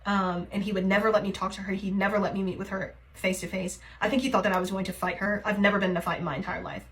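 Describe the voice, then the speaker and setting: A woman's voice: medium pitch, level tone, fast, slight background noise, poor audio. Young woman confiding in a rambling vlog. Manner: rambling and hesitant, heavy on fillers; emotionally raw, confiding. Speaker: TikTok creator. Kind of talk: confessional get-ready-with-me vlog.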